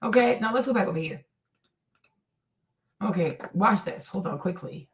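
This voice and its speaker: A woman's voice: mid-range voice, animated, moderate pace. A woman hosting a show, commenting on a video and insisting on her points, repeating "you see" and "right". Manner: acts out others' lines in quoted voices. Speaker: host.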